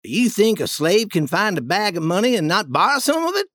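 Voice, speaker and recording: Storybook character: a man putting on a nervous crooked duke, worried tone, lively pitch. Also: brisk, no echo, studio quality, full character voice. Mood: uneasy. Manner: worried, fretful. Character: nervous male swindler, the duke.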